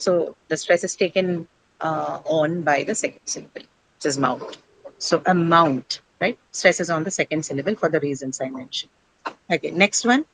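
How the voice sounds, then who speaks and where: A woman with a fairly low voice leads an English pronunciation lesson. She explains patiently, poses questions to her class and answers them herself, and often checks in with "right?". Her voice sounds dry and close, with no room echo. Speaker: English teacher.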